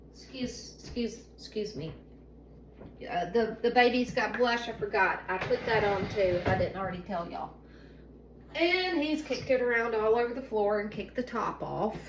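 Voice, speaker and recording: A faint hiss or hum sits under this mid-range female voice. She's a middle-aged Southern vlogger from Alabama, talking informally to people watching at home and wandering off on tangents.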